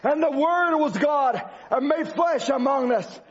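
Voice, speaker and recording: Very high-voiced man preaching. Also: unhurried. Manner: emphatic, repetitive preaching cadence. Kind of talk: sermon. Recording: dull lo-fi recording.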